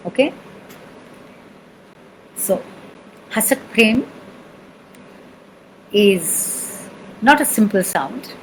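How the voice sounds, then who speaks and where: A woman's voice: on the low side, a little hiss or hum, low-quality recording. A woman with an Indian accent teaching sound healing, patiently repeating syllables and checking that the listener follows. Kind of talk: spoken lesson with chanting demonstrations.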